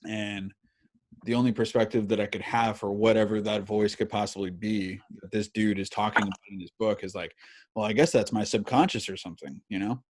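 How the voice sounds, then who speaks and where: Brief: thirties male podcast host, lowish voice, loose and profane, animated storyteller. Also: fairly quick. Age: 30s. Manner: animated, swears a lot, many fillers. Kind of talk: casual storytelling chat.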